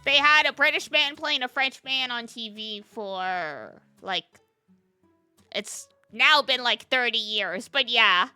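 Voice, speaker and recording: A woman's voice: on the high side, slow pace, bright, forceful tone, clear, resonant tone, no echo, faint music behind. A woman game streamer in casual chat, talking to her viewers, laughing often and answering chat as she plays.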